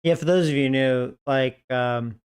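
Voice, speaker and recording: Streamer guy telling a story, swears a lot, says like constantly, laughs, slow smooth voice. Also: mid-range voice, a little mellow. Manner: profane, rambling, full of "like" fillers; breaks into laughter. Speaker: game streamer. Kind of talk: casual storytelling chat.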